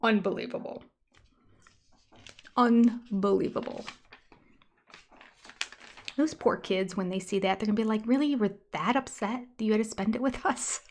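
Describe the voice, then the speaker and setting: A woman's voice: medium pitch, quick pace, hardly any pauses. An older woman hosting a casual livestream commentary, talking in a gossipy, exasperated way that slips into mocking whispers. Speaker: reality TV reviewer.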